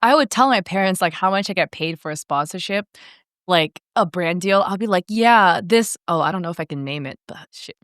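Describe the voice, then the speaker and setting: A woman in her twenties, a content creator guest in a casual interview, telling lively stories and acting out her parents' voices. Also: on the low side, brisk, no echo, studio quality. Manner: animated storytelling, acts out parents' voices, laughs often.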